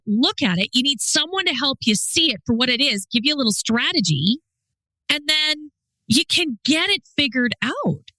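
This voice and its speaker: A woman in her forties hosts her own podcast, speaking candidly and with emphasis, like a coach talking straight to listeners. Her voice sits a little high and rings bright and clear. The recording is close and dry, with no room sound. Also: no echo, low-quality recording. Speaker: podcast host and leadership coach. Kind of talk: solo podcast monologue.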